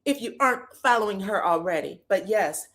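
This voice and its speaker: A woman's voice: mid-range voice, normal speed. A woman recapping reality TV drama in a casual, profane, chatty way. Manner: animated, profane, acts out quotes. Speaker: reality TV commentator.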